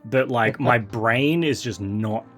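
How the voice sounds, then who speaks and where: A man hosting a casual chat, talking excitedly with many fillers and restarts. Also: medium pitch, slow, faint music behind. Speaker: podcast host.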